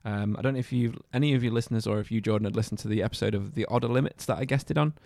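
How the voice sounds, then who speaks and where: A man's voice: fairly low pitch, racing, vocal fry, a little mellow, no echo, clean studio sound. A man co-hosting a casual podcast, telling a story in a jokey, rambling way. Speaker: podcast co-host.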